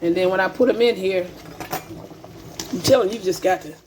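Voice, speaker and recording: A woman's voice: mid-range voice, fairly quick, a little hiss or hum. A woman hosting a casual home cooking vlog, chatty and repetitive, calling her viewers baby and family. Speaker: cooking channel host. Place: home kitchen.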